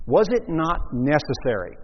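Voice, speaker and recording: A man's voice: a little high, sing-song, normal speed, a little hiss or hum. A male pastor preaching an emphatic sermon, leaning on key words and repeating them for stress, recorded in a church with long reverb and dull, lo-fi sound.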